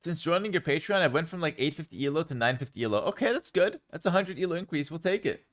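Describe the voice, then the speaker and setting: A young Canadian man reads and answers chat questions on a casual livestream from home. His voice is a little high and quick, and he's relaxed and rambling, with lots of ums and repeated words.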